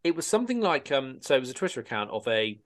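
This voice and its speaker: A man's voice: mid-range voice, sing-song, fast talker. A man co-hosting a podcast in casual chat, rambling and searching for his words as he talks. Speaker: podcast co-host.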